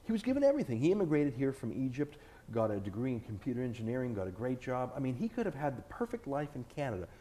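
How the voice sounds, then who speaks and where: In a filmed sit-down interview indoors, a man interviewed as an author and TV host argues his points emphatically and combatively. His medium-pitched, dark voice swings hugely in pitch, and he speaks fast.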